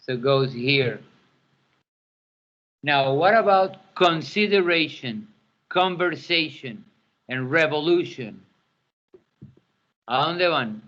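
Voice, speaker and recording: A man's voice: a little high, expressive, slow pace, long pauses, a bit bright. A man teaching an English pronunciation lesson, repeating words to model their stress. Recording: dull lo-fi classroom recording.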